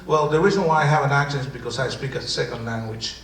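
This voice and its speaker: A man's voice: medium pitch, quick pace, lightly acted. An actor playing a defensive, brash male immigrant comedian with a Spanish accent, rambling and stammering through a live improv bit. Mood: mocking. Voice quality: lively, rambling, stammering delivery. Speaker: improv performer. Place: theater stage before an audience. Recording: roomy hall, distant mic, loud noise.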